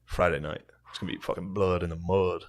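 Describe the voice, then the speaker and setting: A man co-hosting a podcast, telling anecdotes in a relaxed, easily amused, profane chat. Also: low-pitched, a little fast. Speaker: podcast co-host.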